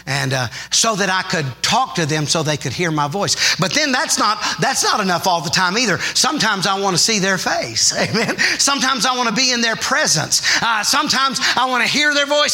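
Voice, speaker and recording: A man preaching a sermon, moving from quiet, musing storytelling to shouted, fervent declarations. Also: expressive, moderate pace, few pauses, faint music behind. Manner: swings between soft low musing and shouted, rising fervor.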